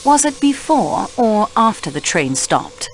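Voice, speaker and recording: In a radio play, a woman with a mid-range voice plays a polite, formal male detective with a French accent, asking calm, measured questions. There is slight background noise.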